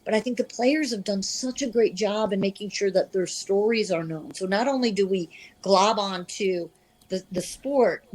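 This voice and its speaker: A woman in her fifties from the American Midwest, a sports reporter telling her career stories in an interview, animated and self-deprecating. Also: mid-range voice, husky, poor audio. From Midwest of the United States. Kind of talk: candid conversational storytelling.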